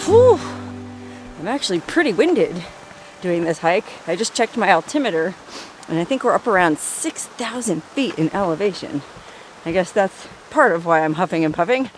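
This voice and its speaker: A woman's voice: fairly low pitch, sing-song, moderate pace, soft background music. A woman hosting a chatty outdoor travel vlog, recorded on a forest trail by hot springs. She talks with enthusiasm, dry wit and salty humor.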